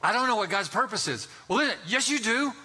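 Preacher in his sixties, high voice, very bright tone, folksy and emphatic, sermon delivery. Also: animated, fast, husky. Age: 60s. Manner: folksy storytelling, emphatic exhortation. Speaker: pastor.

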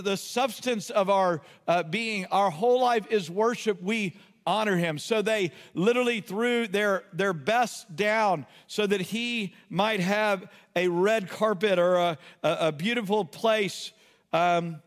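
A man preaching a sermon with passion, rising to shouted cries and then dropping to quiet asides. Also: high voice, a little slow, in a large hall. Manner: impassioned, builds to shouted cries, self-correcting asides. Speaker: pastor.

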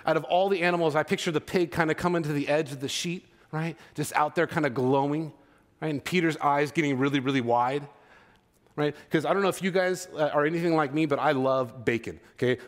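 A man preaching a sermon in a casual, animated way, with frequent filler words and asides to the congregation. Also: on the high side, a little fast.

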